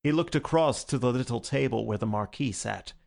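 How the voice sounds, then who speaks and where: A man reading a classic novel aloud as audiobook narrator, with measured storytelling. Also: medium pitch, gravelly, a little mellow. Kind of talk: scripted narration.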